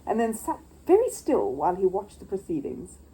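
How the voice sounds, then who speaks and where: A woman storyteller giving an expressive reading of a children's storybook. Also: mid-range voice, moderate pace, poor audio. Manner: expressive, lively narration.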